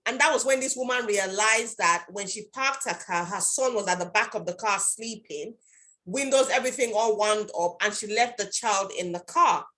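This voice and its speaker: A woman's voice: medium pitch, moderate pace, pushed and bright. A woman hosting a casual chat, retelling a story she saw online. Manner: retells stories, acting out the voices in them. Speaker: host.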